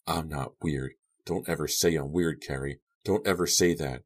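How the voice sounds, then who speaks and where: A man reading the part of an unhinged young woman, speaking quietly with calm, eerie menace. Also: rumbling low, normal speed. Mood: quietly menacing.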